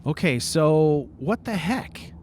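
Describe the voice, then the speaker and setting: Talking over his gameplay in a let's play, this man curses freely and bursts into sudden excitement. He speaks slowly with a fairly high pitch, and there's a little hiss or hum in the audio.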